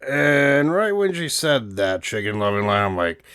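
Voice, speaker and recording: A man's voice: medium pitch, big pitch swings, a little slow, few pauses, a bit bright, clear, resonant tone, no room sound, clean studio sound. A man co-hosting a casual review chat, joking and laughing often. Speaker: co-host reviewing wrestling.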